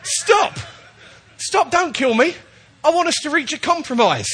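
A man doing a sly, high-pitched talking bear. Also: big pitch swings, unhurried, heavily acted. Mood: pleading. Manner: high shouted pleading.

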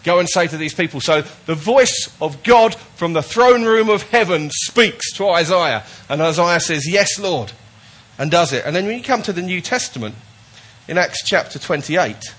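A man's voice: high voice, animated, moderate pace, a bit bright. A man preaching a sermon to his church, emphatic and repetitive, often restarting his words. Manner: emphatic, repetitive, with false starts. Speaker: pastor.

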